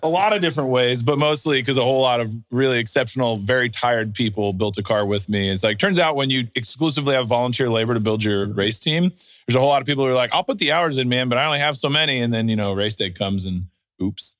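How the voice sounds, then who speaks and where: A man, a former hill-climb racer, telling animated, jokey stories in casual chat and swearing freely. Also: mid-range voice, quick pace, dry recording.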